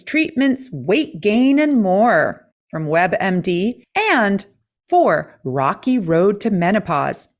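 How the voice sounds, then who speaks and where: Middle-aged woman co-host, very lively pitch, casual expressive chat. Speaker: podcast co-host.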